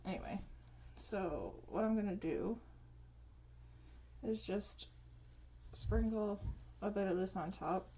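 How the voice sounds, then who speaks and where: A woman's voice: mid-range voice, slow pace, long pauses, warm tone, husky. A woman filming a casual home cooking video in her kitchen on a phone, chatty and rambling, with lots of fillers. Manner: chatty, rambling, laughs often, many fillers. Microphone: phone camera.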